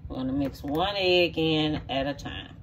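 In a homey, folksy cooking demonstration, a middle-aged rural woman walks viewers through a recipe step by step from her kitchen. She talks at normal speed in a low voice, recorded at a distance with slight background noise.

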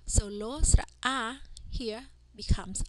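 A woman teaching a language lesson, carefully sounding out letters and words one at a time. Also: fairly high pitch. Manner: careful, deliberate pronunciation of drilled sounds. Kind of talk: slow instructional language lesson. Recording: noticeable background noise.

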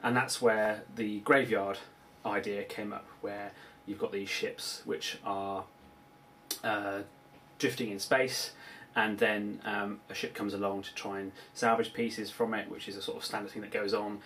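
A man's voice: lowish voice, level tone, unhurried, a bit bright. A British man giving a casual video diary as a film producer, rambling with many ums and restarts. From United Kingdom. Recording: distant mic with faint background hiss.

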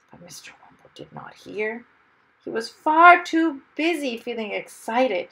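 A woman reading a children's story aloud with expressive, lively storytelling. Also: a little high, unhurried, vocal fry, poor audio. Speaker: storybook reader.

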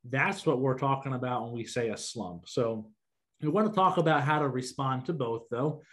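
A man's voice: medium pitch, normal speed, a bit bright. A man hosting a podcast, explaining steadily and steering the conversation. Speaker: podcast host. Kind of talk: casual podcast talk.

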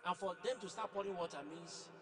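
A man's voice: high-pitched, steady tone, a little fast. Preaching man in an echoey hall. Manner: emphatic, repeats words, quizzes the audience. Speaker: pastor. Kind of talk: sermon with live testimony questioning. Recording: noisy church hall with long echo.

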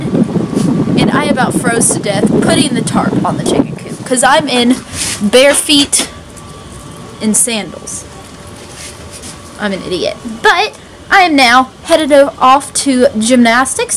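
Lively high-voiced woman vlogger. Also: background noise. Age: 20s. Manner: chatty, playful, teasing her pets. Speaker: lifestyle vlogger. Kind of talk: casual vlog narration.

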